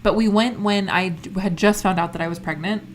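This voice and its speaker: A woman's voice: medium pitch, fairly even intonation, fairly quick, a little hiss or hum. A woman co-hosting a live stream, chatting in an upbeat, easygoing way. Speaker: co-host. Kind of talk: casual chat on a live stream.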